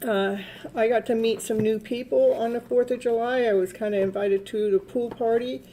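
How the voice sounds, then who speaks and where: A woman's voice: fairly high pitch, steady tone, moderate pace, mellow, slight background noise. Chatty woman, rambling tarot reader. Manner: rambling, chatty, laughs often. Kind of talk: casual live-stream chat.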